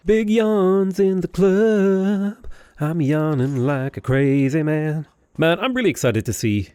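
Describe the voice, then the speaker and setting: A young gaming YouTuber gives casual commentary while playing a strategy game, rambling off into jokey asides. His mid-range voice is a little mellow, with no room sound.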